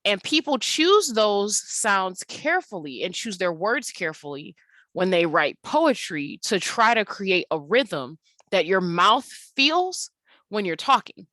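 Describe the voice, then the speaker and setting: A woman's voice: mid-range voice, sing-song, a little slow, pushed and bright, no echo. A young woman teaching an English lesson over slides, explaining casually and saying words aloud to show their rhythm. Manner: conversational, with fillers.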